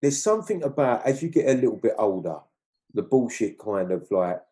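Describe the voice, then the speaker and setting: A man's voice: medium pitch, big pitch swings, fairly quick, mellow, breathy edge. A middle-aged man, talking loosely in an interview and asking "you know what I mean" after nearly every point. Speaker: film crew guest. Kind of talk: casual interview chat.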